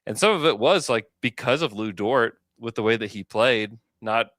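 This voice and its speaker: A man co-hosting a podcast in casual sports chat, animated and chatty. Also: mid-range voice, moderate pace, dry recording, clean studio sound. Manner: animated, chatty, lots of fillers. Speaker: podcast co-host.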